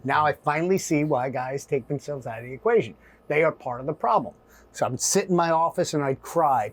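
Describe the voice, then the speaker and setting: A middle-aged man telling a story in an interview, animated and acting out voices and asides. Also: a little high, a little fast. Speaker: guest.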